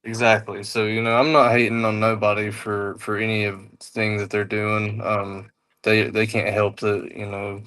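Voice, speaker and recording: Easygoing low-voiced man. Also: monotone, normal speed, fairly bright tone. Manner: easygoing, reassuring, lots of "you know". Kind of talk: casual talk show discussion.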